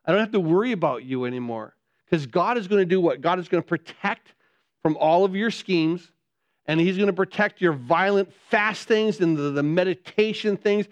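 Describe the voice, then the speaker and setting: A man with a high voice preaches a sermon, often answering his own rhetorical questions and repeating key phrases. The recording is dull and dry, with little sense of room. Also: moderate pace, clean tone, no echo.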